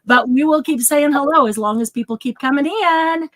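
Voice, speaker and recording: A woman hosting a craft livestream in casual chat, bubbly and quick to laugh, greeting viewers by name. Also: sits high, a bit bright. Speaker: craft show host.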